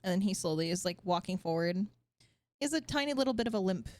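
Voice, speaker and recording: A young woman narrating as game master, telling the story gently with frequent fillers. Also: mid-range voice, lively intonation, brisk.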